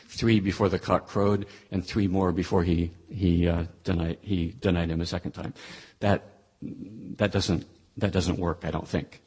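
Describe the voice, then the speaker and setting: Low, husky-voiced man teaching scripture. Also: a little mellow. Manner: thoughtful, conversational, with frequent restarts. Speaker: Bible teacher. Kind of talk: explaining a scripture passage.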